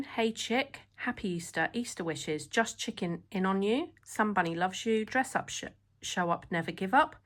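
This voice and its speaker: A woman with a slightly hoarse voice, walking through a craft product demo in a chatty, enthusiastic way. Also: mid-range voice, a bit bright. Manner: chatty, enthusiastic, many fillers. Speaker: stamp designer presenting new products.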